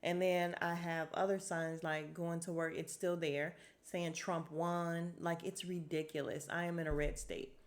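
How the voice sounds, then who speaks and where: A woman's voice: lowish voice, little pitch movement, measured pace, few pauses. A woman recapping a reality show on her podcast in a chatty, exasperated way, acting out the cast's lines. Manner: chatty and exasperated, acts out cast members' lines. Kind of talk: casual solo recap.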